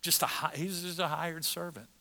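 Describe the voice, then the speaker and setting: A middle-aged American man preaching a sermon as pastor, moving between quiet reflection and loud, repeated emphasis. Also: fairly high pitch, steady tone, fairly quick, creaky. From United States.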